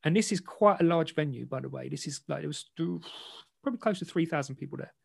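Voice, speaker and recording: A man, an interview guest and boxer, frankly recounting a personal story in a self-deprecating, animated way. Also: on the high side, fast, creaky, breathy edge, dry recording.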